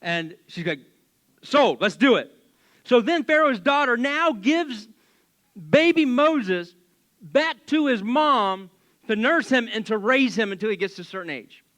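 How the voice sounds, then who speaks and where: A man's voice: extremely high pitch, measured pace. A man preaching as a pastor in a church, telling a Bible story casually with jokes and acted-out voices. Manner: animated, joking, acts out voices.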